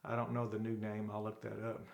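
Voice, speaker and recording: A man's voice: fairly low pitch, monotone, fairly quick, vocal fry, a little mellow. A man from Arkansas teaching a classroom Bible Greek lesson, rambling and correcting himself with folksy asides. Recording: echoey room.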